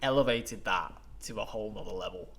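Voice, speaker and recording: A man's voice: lowish voice, fairly quick, gravelly, fairly bright tone, slightly rough. A man commenting on a game playthrough in a chatty, emotional way, laughing and moved as he wraps up. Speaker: gaming YouTuber.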